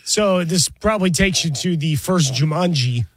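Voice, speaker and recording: A man's voice: on the high side, animated, normal speed, husky, no echo. A man co-hosting a sports talk show, chiming in with short agreeing replies and dry wisecracks. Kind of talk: casual sports banter.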